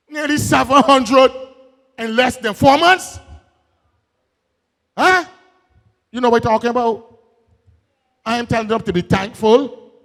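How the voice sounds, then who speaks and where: A Barbadian man with a high voice delivers a political rally speech, mixing folksy jokes with bursts of shouted emphasis. His words ring out with a long reverb tail from a big venue. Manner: folksy, joking asides, rising to shouted emphasis. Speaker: political speaker.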